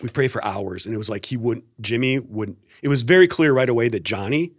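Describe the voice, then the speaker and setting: A man's voice: medium pitch, fairly quick, no room sound, studio quality. A middle-aged man, a pastor and guest, telling a personal story in a podcast interview and acting out the quotes. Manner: animated storyteller, acts out quotes.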